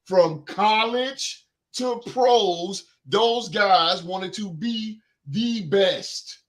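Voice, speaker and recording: Speaking extremely slowly in a high-pitched voice, this podcast host rants about sports, emphatic and repeating phrases for effect, before reading out the sports news.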